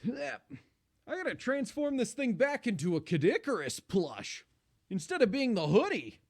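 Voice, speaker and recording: A man's voice: extremely high pitch, sing-song, unhurried, vocal fry, no room sound, clean studio sound. A man streaming live in a casual, chatty way, swearing freely and complaining with animation.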